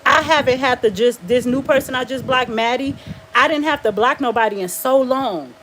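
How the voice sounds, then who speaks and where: A woman's voice: high-pitched, moderate pace, fairly bright tone, slight background noise. A woman chatting casually on a live stream, blunt and defiant, laughing often and answering viewers' comments. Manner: talks back to viewers and comments.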